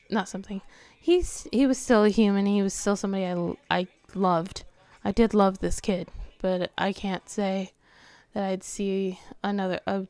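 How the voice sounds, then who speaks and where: Soft-spoken teenage girl, clear voice. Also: medium pitch, no echo. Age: teens. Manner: hesitant, soft-spoken, often trailing into a whisper. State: tired, yawning. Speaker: podcast host. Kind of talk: confessional late-night monologue.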